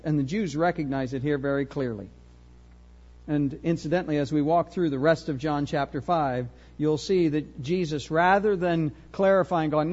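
A man preaching an expository sermon, emphatic and animated, full of rhetorical questions. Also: on the high side, normal speed, muffled recording.

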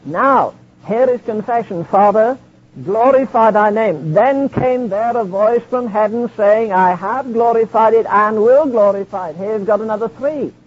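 A man's voice: high-pitched, unhurried, slightly rough. A man preaching a sermon, reading scripture in old King James wording. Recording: dull lo-fi archive sermon recording.

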